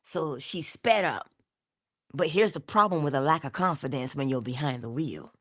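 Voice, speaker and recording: A woman hosting a spiritual talk, animated and laughing often as she tells stories. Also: deep voice, moderate pace. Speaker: spiritual channel host. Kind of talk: casual spiritual talk to viewers.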